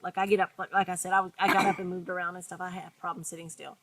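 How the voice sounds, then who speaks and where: Woman co-host, slightly low voice, animated storyteller who acts out quotes. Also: rapid-fire, heavy background noise. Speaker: podcast co-host. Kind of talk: casual storytelling chat.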